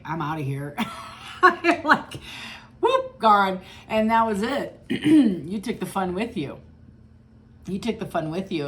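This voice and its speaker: A woman's voice: deep voice, a little hiss or hum. A woman giving a chatty, blunt tarot reading in a casual style, swearing freely. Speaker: tarot reader.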